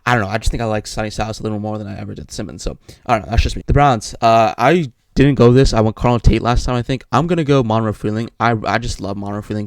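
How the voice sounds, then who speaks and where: A man's voice: lowish voice, dry recording. A young man giving casual solo football draft commentary, rambling and repeating himself as he restarts his thoughts. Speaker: sports commentator.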